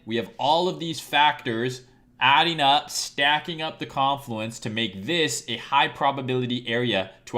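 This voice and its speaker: A man's voice: medium pitch, a bit bright. Male trading streamer, casual and profane, teaches by quizzing his live audience. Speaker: trading educator. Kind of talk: live-streamed chart lesson.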